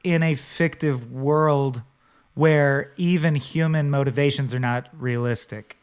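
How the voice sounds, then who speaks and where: A man co-hosting a casual comedic podcast, talking in an animated way and slipping into quick silly voices for the people he describes. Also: medium pitch, clear, resonant tone. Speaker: podcast co-host.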